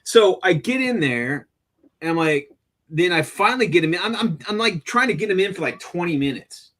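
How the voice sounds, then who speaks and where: A man on a casual live stream tells a story with plenty of swearing. His voice sits somewhat high, and he throws himself into the angry lines he quotes. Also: moderate pace. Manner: profane, animated, acts out angry quotes. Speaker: stream host.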